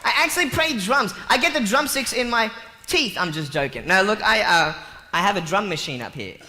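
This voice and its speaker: A man joking and telling stories to a live audience in a playful, animated way. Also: high voice, brisk. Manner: playful, jokey, animated storytelling. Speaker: motivational speaker. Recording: long hall reverb with faint noise.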